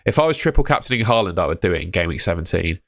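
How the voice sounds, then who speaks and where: A man's voice: low-pitched, very animated, rapid-fire, a bit bright, no room sound, clean studio sound. A young man hosting a livestream, answering viewer questions in an offhand, matter-of-fact way and calling people mate. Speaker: fantasy football livestream host. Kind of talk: casual livestream chat reading viewer questions.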